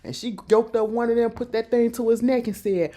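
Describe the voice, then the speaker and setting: Animated woman recapping a TV show in slang. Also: fairly high pitch, a little fast. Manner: animated, slangy storytelling that acts out the characters' lines. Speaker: TV episode recapper. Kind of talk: casual recap of a TV episode.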